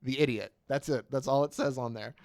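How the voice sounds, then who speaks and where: A man's voice: mid-range voice, brisk, a little mellow, no room sound. A man co-hosting a podcast, casually retelling a comic and acting out its lines. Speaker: podcast co-host.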